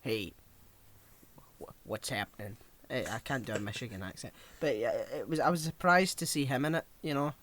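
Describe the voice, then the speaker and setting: Man, podcast co-host, casual, mid-pitched voice, leads the discussion. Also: expressive, fast talker, hardly any pauses, fairly bright tone. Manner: conversational, steers topics, recounts scenes. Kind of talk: casual film chat.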